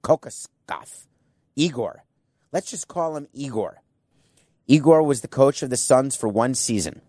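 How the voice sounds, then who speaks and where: A man's voice: medium pitch, animated, moderate pace, mellow, no room sound, studio quality. A man giving an opinionated sports monologue, emphatic and sarcastic, talking straight at people who are not there. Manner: emphatic, sarcastic, addresses absent people directly. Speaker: sports commentator.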